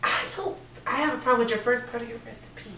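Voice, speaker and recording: A woman's voice: a little high, fast, pushed and bright. A woman hosting a casual talk show, sassy and affectionate, calling her guest honey. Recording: echoey room, distant mic, faint noise.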